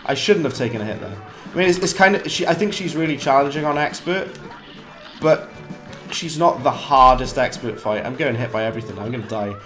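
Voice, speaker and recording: A British man giving chatty live commentary while streaming a game, mocking himself and breaking into quick bursts of frustration. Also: medium pitch, expressive, a bit bright, faint music behind.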